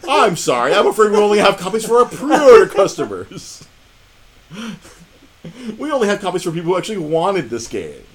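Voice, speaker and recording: Man doing a gleeful, taunting store manager, higher and louder than his own voice, fake courtesy. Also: very animated, brisk, long pauses. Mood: smug. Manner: mock-polite, taunting. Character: smug gleeful male game store manager.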